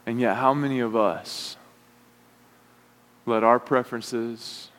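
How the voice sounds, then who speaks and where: A man preaching a sermon, retelling a story with lively asides and acting out the characters' complaints. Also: mid-range voice, slow. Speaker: pastor. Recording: long hall reverb.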